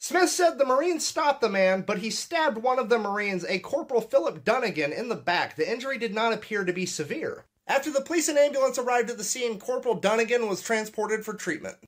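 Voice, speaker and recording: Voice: mid-range voice, expressive, a little fast, few pauses. Amused storyteller reading a report aloud. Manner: struggles not to laugh, dry asides. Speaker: reader of a news story in a clip.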